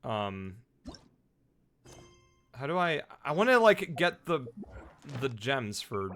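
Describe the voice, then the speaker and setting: A streamer and voice actor chats casually with his viewers while playing a video game, joking with chat, thinking out loud, and imitating the characters. His mid-range voice is sing-song, slow, and a bit bright, with faint game music behind him.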